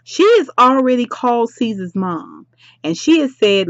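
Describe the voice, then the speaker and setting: A woman's voice: medium pitch, animated, moderate pace, no echo. A woman chatting casually as she recaps a reality show, sassy and talking straight to her listeners. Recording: dry, slightly dull lo-fi sound.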